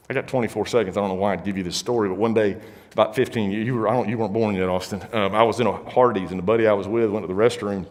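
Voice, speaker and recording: A man's voice: fairly low pitch, quick pace, in a large hall. A man preaching a casual youth sermon, telling stories with jokey asides. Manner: storytelling, animated, jokey asides. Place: large hall, live service.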